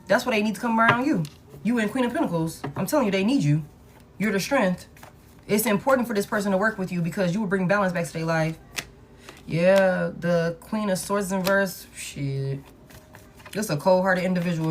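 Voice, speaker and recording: A woman's voice: fairly low pitch, a little hiss or hum. A woman giving a casual tarot reading, talking bluntly and with profanity, and repeating key lines for emphasis. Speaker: tarot reader.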